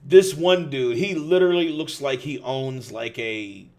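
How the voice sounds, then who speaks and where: A man hosting a podcast, telling a story in casual, animated speech full of swearing and restarts. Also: medium pitch, measured pace. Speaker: podcast host.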